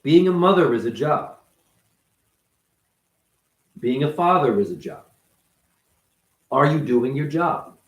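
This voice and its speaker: A man's voice: mid-range voice, animated, slow, long pauses, roomy sound, low-quality recording. A man, a former ballet dancer, delivering an unscripted, blunt and profane monologue in his apartment.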